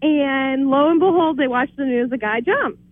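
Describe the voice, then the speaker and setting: A woman calls in to a radio program to share jokes, laughing through her own punchlines in a giggly way. Her voice is high and her speed normal, heard with no echo on a tinny phone line.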